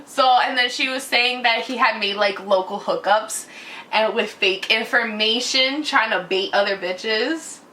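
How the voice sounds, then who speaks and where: A woman in her twenties telling a personal story in a casual vlog, animated and loud. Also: fairly high pitch, measured pace, slight background noise.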